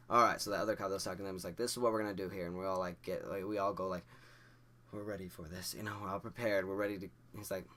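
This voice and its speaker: Young man, deep low voice, rambling casual storytelling, stammers and restarts, faint background noise. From Idaho, USA. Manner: rambling, stammering restarts, acts out quoted dialogue. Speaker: vlogger.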